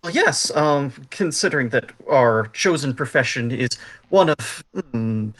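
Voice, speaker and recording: A man's voice: medium pitch, animated, unhurried, fairly bright tone. A man voicing a courteous, formal elven male adventurer in a tabletop game, speaking in elaborately polite phrases. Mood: earnest. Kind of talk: tabletop role-play in character.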